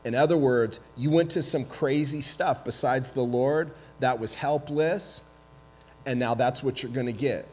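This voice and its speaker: A man preaching a sermon as pastor, retelling scripture with lively, humorous asides and acted-out voices. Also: medium pitch, unhurried. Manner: animated storytelling, acts out voices with humor. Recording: long hall reverb.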